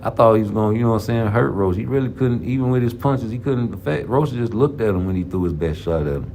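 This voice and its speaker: A man's voice: fairly low pitch, animated, quick pace, darkish tone, slight background noise. A man giving casual, profane, rambling boxing commentary in a vlog. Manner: profane, rambling, slang-heavy. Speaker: boxing vlogger. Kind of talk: casual trash-talking commentary.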